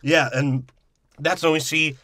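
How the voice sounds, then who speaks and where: A man's voice: on the high side, fairly even intonation, unhurried, sharp tone, no room sound, clean studio sound. A man recapping a movie in casual chat, crude and profane, rambling with lots of ums and asides.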